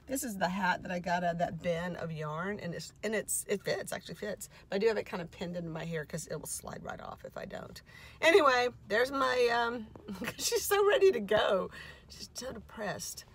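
A middle-aged woman, rambling casually as a vlogger and chatting to her dogs. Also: mid-range voice. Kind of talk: casual chat.

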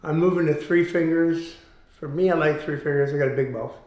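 A man leading a guided fascia exercise class, giving calm step-by-step cues and explaining as he goes. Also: fairly high pitch, fairly quick. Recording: roomy echoey room.

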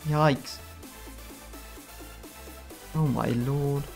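A man giving excitable, playfully outraged commentary while playing a football video game. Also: mid-range voice, drawn-out words, gravelly, soft background music. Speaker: gaming YouTuber.

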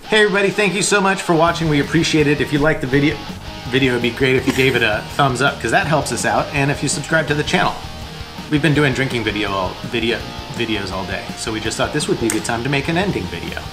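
A man's voice: medium pitch, fast talker, over music. A man chatting casually while unboxing dog toys and treats, laughing often and cooing at his dogs. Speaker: co-host of an unboxing channel. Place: home with dogs.

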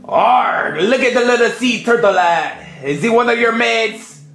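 A man's voice: very high voice, expressive, unhurried, vocal fry, fairly bright tone, soft background music, heavily acted. A man voicing an older pirate-talking dad with a growly, hearty manner. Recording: roomy echo.

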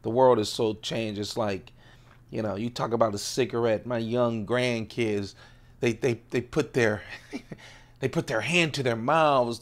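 A man in his late fifties, casually showing his pocket items on a vlog, rambling and laughing as he goes. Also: mid-range voice. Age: 50s. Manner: chatty, laughs often, digresses. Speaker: EDC video host. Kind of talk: casual rambling show-and-tell.

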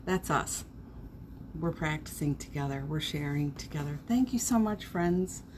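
A woman's voice: low voice, animated, measured pace, noisy background. A middle-aged woman hosting a casual morning live stream, greeting viewers by name in a gushing, upbeat way.

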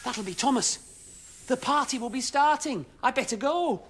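A man's voice: very high voice, animated, moderate pace, heavy background noise. A man playing a cheerful, fussy engine driver in a children's show, talking to viewers with exaggerated expression. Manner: exaggerated, chatty, addresses viewers. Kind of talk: children's TV acting.

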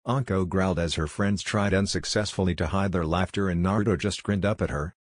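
A man narrating a fan fiction story in a steady, even reading voice. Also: deep voice, a little fast, hardly any pauses, no room sound, studio quality.

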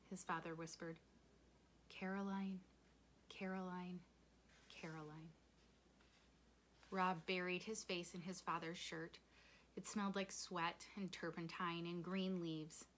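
A woman reading a children's novel aloud in measured storytelling. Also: lowish voice, a bit bright, a little hiss or hum. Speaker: reader.

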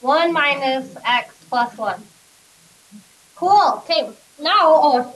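High-voiced woman teaching math in class. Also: lively intonation, unhurried, a bit bright, echoey room. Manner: questioning, coaxing students step by step. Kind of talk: classroom lecture. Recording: distant classroom recording.

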